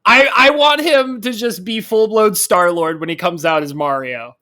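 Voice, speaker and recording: A woman's voice: mid-range voice, normal speed, pushed and bright. A woman co-hosting a podcast in casual chat, giggly and playfully sarcastic. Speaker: podcast co-host.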